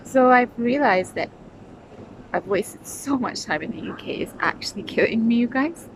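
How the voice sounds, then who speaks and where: A woman's voice: fairly high pitch, expressive, moderate pace. A middle-aged woman from the UK, chatting casually to her phone camera as a travel vlogger, rambling and talking to herself between laughs. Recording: noisy outdoor recording with traffic.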